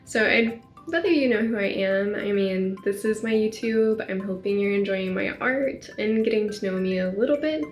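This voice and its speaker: A woman in her twenties from Northwest Arkansas, USA, vlogs to camera, casually talking about herself as an artist with plenty of "like" fillers. Her mid-range voice moves at normal speed in a roomy space, with faint music behind her.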